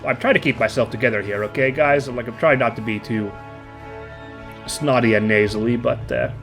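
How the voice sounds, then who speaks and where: A let's play host with a stuffy, slightly nasal voice from a cold chats his way through casual gameplay commentary. His medium-pitched voice is fairly bright and moves at a moderate pace, rambling and upbeat, over soft background music.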